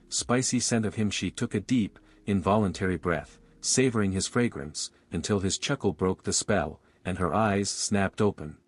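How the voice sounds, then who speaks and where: A man narrating a romance audiobook with smooth, even storytelling. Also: lowish voice.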